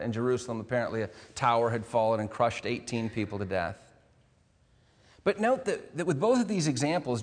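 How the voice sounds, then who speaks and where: Guy preaching a sermon, emphatic, repeats himself for weight, slightly high voice, big echoey hall. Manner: earnest preaching with emphatic repetitions and small restarts. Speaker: pastor. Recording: long hall reverb.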